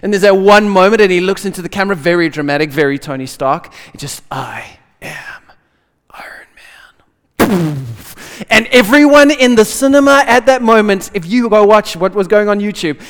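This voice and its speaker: A man preaching a lively sermon in casual slang, swinging between loud bursts and hushed asides. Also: high-pitched, fast talker, hardly any pauses, clean tone. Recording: long hall reverb.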